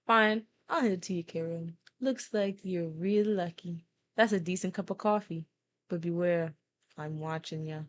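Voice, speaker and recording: A woman voicing a grumpy, theatrical male skeleton rival in a game, in a gruff put-on New York accent with a slow drawl. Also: fairly low pitch, lightly acted. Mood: grudging. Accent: attempted New York accent.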